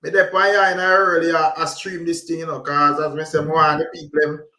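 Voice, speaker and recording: A man's voice: fairly high pitch, little pitch movement, moderate pace, sharp tone, roomy sound. A Jamaican man hosting a casual livestream, greeting viewers in patois. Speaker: livestream host.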